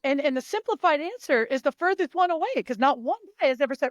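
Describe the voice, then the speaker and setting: Her voice sits high and moves quickly as the mindset coach, a guest in an interview, animatedly curses and acts out her athletes' voices. There's no echo, though the audio sounds dull.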